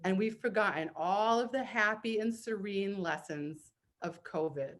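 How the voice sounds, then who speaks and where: A woman's voice: medium pitch, measured pace. A woman with a Boston accent hosting a comedic therapy talk show over a video call, bubbly and laughing often as she leads a word game. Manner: bubbly, laughs often, reads aloud playfully. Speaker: host.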